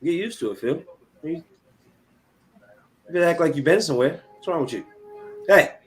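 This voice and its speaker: A man hosting a casual podcast, teasing his guest and getting excited about a show. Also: fairly high pitch, moderate pace, a little hiss or hum. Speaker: podcast host. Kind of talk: casual chat.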